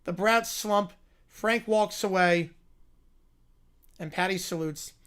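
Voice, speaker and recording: A woman's voice: medium pitch, slow pace, a bit bright, smooth. A woman narrating a short absurd story in a dramatic, epic tone.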